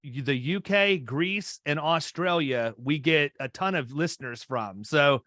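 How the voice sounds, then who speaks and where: A man's voice: a little high, a little slow, sharp tone, no room sound, studio quality. A man in his fifties hosting a podcast interview, chatting casually and often restarting his sentences. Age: 50s. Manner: rambling, restarts mid-sentence. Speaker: podcast host.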